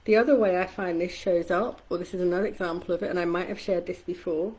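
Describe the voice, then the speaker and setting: A woman's voice: steady tone, fast talker, slightly rough, rough recording. A middle-aged woman coach in a casual live-stream talk. She speaks candidly and conversationally, swears casually, and acts out quoted voices. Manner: acts out quoted voices with shifts in pitch and loudness. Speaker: community coach.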